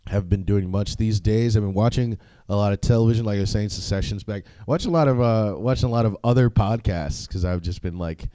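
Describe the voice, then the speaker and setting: A man's voice: fairly low pitch, brisk, few pauses, mellow, no echo. A young man hosting a solo podcast, talking casually in a profane, rambling way, with frequent laughs and filler words. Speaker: podcast host.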